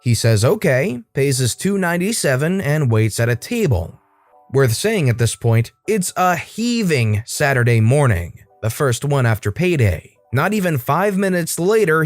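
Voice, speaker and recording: Lively male story narrator. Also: fairly high pitch, moderate pace, soft background music. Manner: lively, expressive reading with asides to viewers. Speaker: narrator of online stories.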